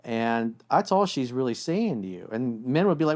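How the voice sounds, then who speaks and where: A man talks through relationship advice with a co-host, blunt and casual, and he swears freely. He keeps slipping into quick imitations of a couple arguing. His voice sits at an ordinary middle pitch. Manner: blunt, animated, acts out quoted voices. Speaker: relationship coach.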